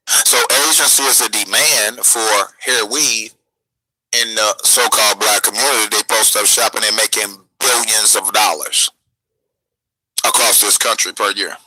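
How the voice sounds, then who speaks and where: A man's voice: lowish voice, steady tone, a little slow, long pauses, sharp tone, husky, dry recording, rough recording. A man giving a preachy, profane lecturing rant in a played clip.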